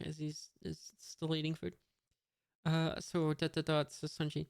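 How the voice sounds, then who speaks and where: Slow monotone reader of a comic. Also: mid-range voice, smooth, dry recording, studio quality. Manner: monotone, reads out sound effects and punctuation, many fillers. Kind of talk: reading a comic aloud.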